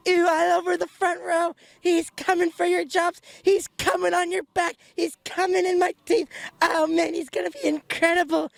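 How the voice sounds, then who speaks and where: A man voicing a rowdy, boastful stuffed beaver mascot who gloats and taunts with fake sobbing. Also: dry recording. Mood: gleeful. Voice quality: squeaky and gravelly. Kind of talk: comedic character rant.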